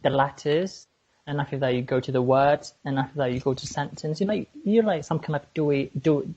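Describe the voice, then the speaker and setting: A man's voice: a little high, a little fast, a little mellow, lo-fi sound. A man with a British-leaning English accent, co-hosting a casual podcast chat, talking hesitantly with many fillers and restarts. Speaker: podcast co-host.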